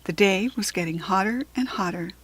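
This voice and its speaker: American woman, children's book reader, expressive, slightly husky. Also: mid-range voice, moderate pace. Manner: clear, expressive storytelling. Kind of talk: reading a storybook aloud.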